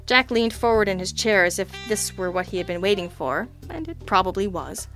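A woman giving crisp, dryly amused first-person narration of a hard-boiled detective story. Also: medium pitch, animated, brisk, few pauses, a bit bright, soft background music. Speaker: audiobook narrator.

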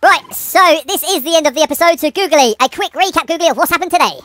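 A woman's voice: sits high, quick pace, a bit bright, no room sound. Sweary, laughing British woman gamer. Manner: swears freely, laughs often, exasperated. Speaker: gaming channel host. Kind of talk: casual game commentary.

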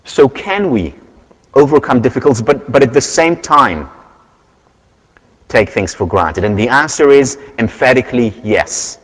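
A man giving a university lecture, earnest and measured, telling stories to make his point. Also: medium pitch, animated. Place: large lecture hall. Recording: lecture hall with long reverb.

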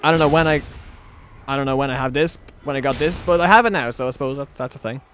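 A young man giving let's play commentary on a game, excitable and rambling, often talking sarcastically to the characters on screen. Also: mid-range voice, fast talker, slight background noise. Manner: rambling with frequent restarts. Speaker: gaming channel host.

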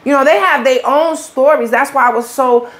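A woman's voice: high voice, normal speed. A woman, an interview guest telling her own story in blunt, profane street talk.

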